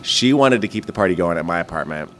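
A man's voice: deep voice, lively intonation, quick pace, fairly bright tone, a little hiss or hum. A man, a guest comedian, chatting on a podcast and telling rambling stories with many restarts. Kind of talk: casual podcast chat.

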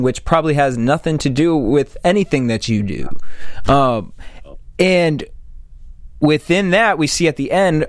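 A man's voice: mid-range voice, no echo. Chatty young man, dry close sound. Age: late 20s. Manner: chatty, halting, many restarts. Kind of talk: casual podcast discussion.

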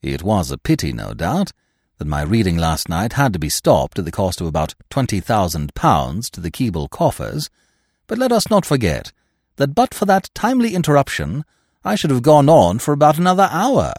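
A man's voice: fairly low pitch, huge pitch swings, moderate pace, darkish tone, dry recording, clean studio sound, exaggerated voice. A male narrator playing a verbose, drily whimsical young Englishman with ornate, pompous phrasing. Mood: genial.

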